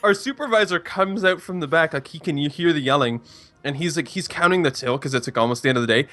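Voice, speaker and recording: A man's voice: a little high, fast, sharp tone. A young man, telling a story in casual chat with restarts and rambling. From Canada. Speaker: stream co-host.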